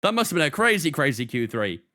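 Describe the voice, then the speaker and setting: A man's voice: a little high, big pitch swings, quick pace, sharp tone. A man streaming a racing game, chatting casually with his viewers. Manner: chatty, talks to chat, often laughs off.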